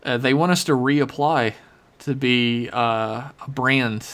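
A man's voice: mid-range voice, slow pace, fairly bright tone. A man co-hosting a podcast in loose, laid-back casual chat, swearing freely. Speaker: podcast co-host.

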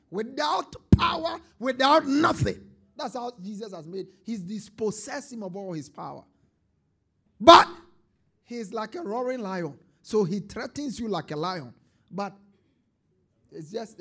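A man preaching a sermon to a congregation, dropping to quiet asides and then rising into shouted call-and-response. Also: high-pitched. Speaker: pastor. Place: church service before a congregation.

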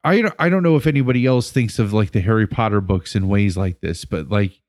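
A man's voice: fairly low pitch, brisk, a little mellow. A man telling a story on a casual podcast, rambling with many fillers and restarts; an educator. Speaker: podcast co-host.

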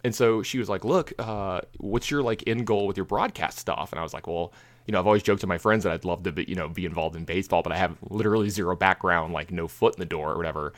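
A man telling a long story in casual podcast chat, rambling, full of filler words and lively retellings. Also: low-pitched, quick pace, no room sound.

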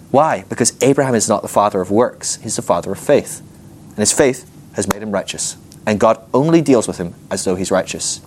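A man teaching a Bible class, telling the story with animated energy and often laughing at his own points. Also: mid-range voice, breathy edge. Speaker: ministry school teacher.

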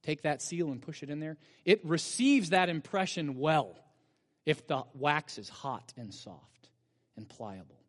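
Animated preacher with a higher man's voice. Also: unhurried. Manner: animated storytelling with rhetorical questions. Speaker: pastor. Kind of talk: sermon. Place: church sanctuary. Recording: long church-hall reverb.

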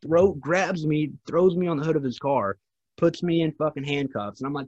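A man's voice: a little high, fairly quick, a little mellow, dry recording, dull audio. A man co-hosting a podcast, telling a rambling, profanity-heavy story in casual chat. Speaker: podcast co-host.

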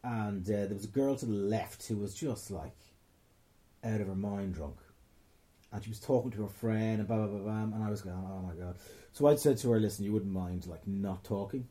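Husky, low-voiced Dublin man rambling. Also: fairly quick, dark tone. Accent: Irish, Dublin. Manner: rambling, profane, self-interrupting. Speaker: stand-up comedian telling stories. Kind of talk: casual storytelling monologue.

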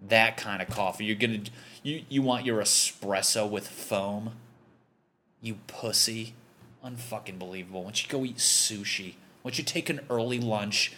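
A man's voice: on the low side, moderate pace, sharp tone, slight background noise. A young man from Connecticut hosting a podcast, delivering a profane, rambling comedic rant. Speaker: podcast host.

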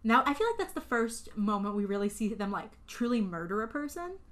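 Young woman co-host, casual film recap, lively and expressive, does voices. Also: a little high, brisk. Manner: animated, swearing, acts out scenes in voices. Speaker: podcast co-host.

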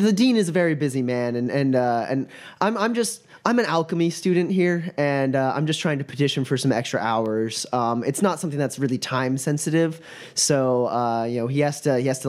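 A man's voice: on the high side, darkish tone, natural voice. A man voicing a nervous, stammering young satyr woman student, eager and polite.

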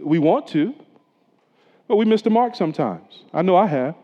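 A male pastor preaching a sermon earnestly, dropping to a hush at solemn moments and rising for emphasis. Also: high-pitched, lively intonation, normal speed. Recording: echoey church hall, dull lo-fi sound.

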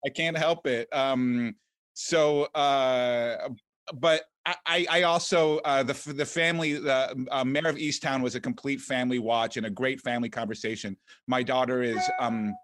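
A man's voice: medium pitch, steady tone, moderate pace, noisy background. Wry middle-aged male writer. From Washington, D.C. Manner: wry, self-deprecating humor. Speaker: guest, entertainment writer. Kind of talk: casual interview chat.

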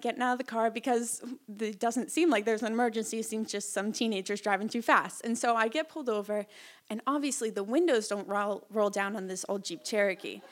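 A young woman with a fairly high voice recounts a personal story on stage in a small hall. She rushes along in an animated, breathless way, full of likes and ums, speaking to a live audience. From Massachusetts, Cape Cod. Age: young adult. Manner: breathless, animated telling with frequent fillers.

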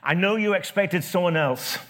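Man reading as a bright spirit, gentle, patient, calm, coaxing. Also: high-pitched, moderate pace, voice pushed up.

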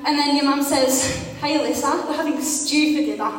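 A woman's voice: high-pitched, fairly even intonation, normal speed, few pauses, a little hiss or hum. A woman giving a casual, playful youth sermon, chatting and teasing her listeners with questions. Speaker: youth preacher. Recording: echoey hall from far off.

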